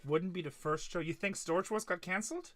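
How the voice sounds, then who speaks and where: A man's voice: high voice, a little fast, fairly bright tone. A middle-aged man hosting a live card-breaking stream, joking and trash-talking with viewers by name. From Texas. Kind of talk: live stream casual chat while opening cards.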